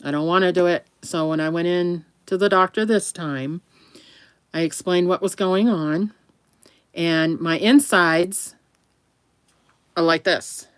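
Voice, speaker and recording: Her voice is clear and resonant, on the low side, slow and with frequent pauses, recorded with no echo. The vlogger chats to camera in a rambling, laugh-filled way, turning to talk sweetly to her dog between remarks.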